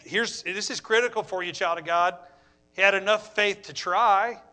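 A man in his forties preaching a sermon, animated, with humorous asides and rhetorical questions. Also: sits high, moderate pace.

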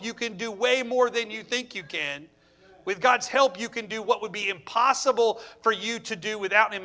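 A man in his forties preaching a sermon, animated, with humorous asides and rhetorical questions. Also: sits high.

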